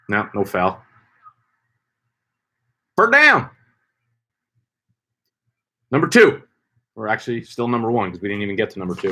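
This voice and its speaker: Hype-talking young man streamer. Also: lowish voice. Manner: loud playful hype with swearing and slang. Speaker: fantasy football streamer. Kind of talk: casual live stream chat.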